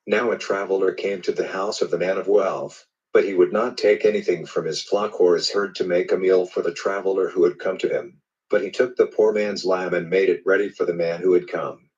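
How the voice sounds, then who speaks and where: A man reading a Bible passage aloud in a steady, measured storytelling manner. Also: deep voice, recorded from a distance, dull audio. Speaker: Bible reader. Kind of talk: scripted scripture reading.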